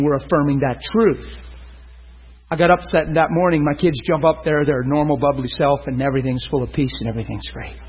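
A man preaching a sermon who tells a story and speaks to his listeners in an animated, emphatic way. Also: on the high side, a little fast, husky. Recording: dull lo-fi recording.

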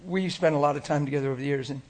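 A man preaching a sermon in an animated way, moving between loud acted quotes and hushed, whispered asides. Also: fairly high pitch, very fast, background noise.

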